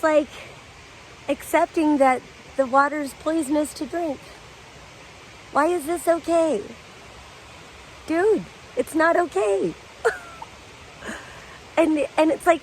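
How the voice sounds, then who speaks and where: High-voiced woman rambling slowly outdoors. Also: slight background noise, poor audio. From Colorado. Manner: meandering, laughs often, swears freely. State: high on psychedelics. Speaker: vlogger and mother. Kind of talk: casual rambling monologue. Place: outdoors in the woods.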